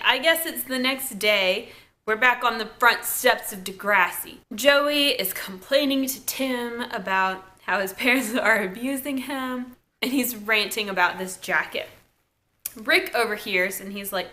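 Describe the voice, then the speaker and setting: A woman's voice: fairly high pitch, measured pace, bright, forceful tone. A woman reviewing a TV episode in a casual, chatty recap full of asides and "like". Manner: chatty, lots of "like", laughs and asides. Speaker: TV show reviewer.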